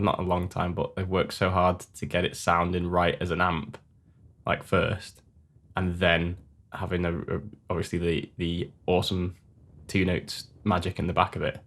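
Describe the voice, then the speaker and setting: A man's voice: low-pitched, a bit bright. A man co-hosting a podcast, chatting eagerly about guitar gear and jumping in with answers. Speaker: podcast co-host.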